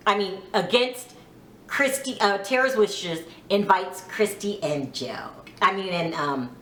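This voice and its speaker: A woman's voice: mid-range voice, pushed and bright, reverberant, a little hiss or hum. A woman giving a casual, frank recap of a reality TV episode. She is opinionated, curses a little, and acts out the lines she quotes. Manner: frank, opinionated, mildly profane.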